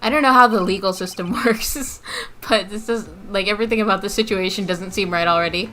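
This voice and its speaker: A woman's voice: medium pitch, fairly quick, fairly bright tone. Chatty, giggly young woman streamer. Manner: chatty, giggly, self-deprecating. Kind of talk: casual game playthrough commentary.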